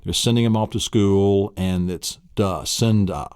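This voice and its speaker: A man's voice: sits low, unhurried, darkish tone, clean tone, no echo, clean studio sound. A middle-aged man teaching an audio memory lesson, enthusiastic and laughing often. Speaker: memory course instructor.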